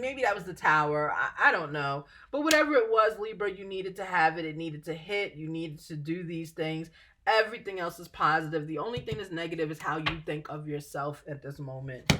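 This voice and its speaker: A woman's voice: medium pitch, noisy background. Giggly chatty woman tarot reader. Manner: chatty, giggly, reassuring, often trails off with fillers. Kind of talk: casual tarot reading to camera.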